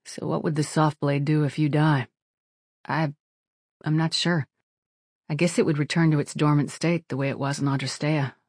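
A woman's voice: deep voice, flat delivery, moderate pace, pauses often, a little mellow, no echo. A narrator voicing a tough young woman who talks in a dry, clipped way in an audiobook. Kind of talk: audiobook character voice.

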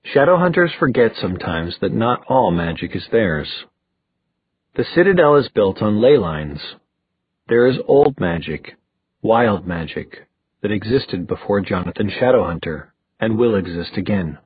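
A man with a husky voice voicing a cool, detached male vampire who speaks in a measured way. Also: lowish voice, sing-song, dry recording, full character voice. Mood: aloof. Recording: tinny phone-like dry recording.

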